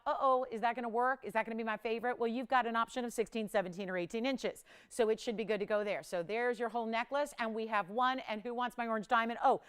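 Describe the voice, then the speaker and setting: A bright, smooth-voiced woman hosts a live jewelry sales show. She pitches in a chatty, bubbly way, thrilled by every price drop. Her voice sits a little high and sounds clear and resonant. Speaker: jewelry shopping host. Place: television shopping studio.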